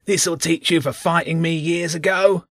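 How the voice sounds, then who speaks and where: A man's voice: fairly high pitch, fairly even intonation, normal speed, a bit bright, no room sound, studio quality, voice pushed up. Man voicing a rat mercenary with an axe, taunting, raised voice, storybook.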